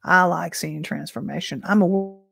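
A woman teacher and minister giving informal prophetic teaching in a conversational way, full of rhetorical questions and an occasional throat clearing. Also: lowish voice, normal speed, fairly bright tone, dry recording, clean studio sound.

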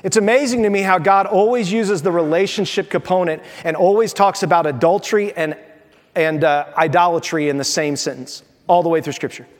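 High-voiced, animated male pastor preaching. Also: fairly quick. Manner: animated, acts out dialogues, playful asides. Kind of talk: sermon. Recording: long hall reverb.

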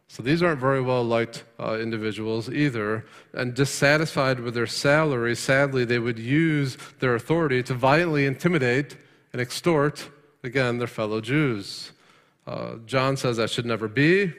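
A man preaching a sermon, firing rhetorical questions and swinging from emphatic peaks to quiet, hushed lines. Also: medium pitch. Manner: rhetorical questions, rising to emphatic then dropping soft. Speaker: pastor. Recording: long hall reverb.

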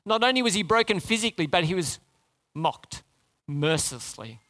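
Bright high-voiced male preacher. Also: expressive, moderate pace. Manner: storytelling, rhetorical questions, dramatic drops to low quiet. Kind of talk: sermon.

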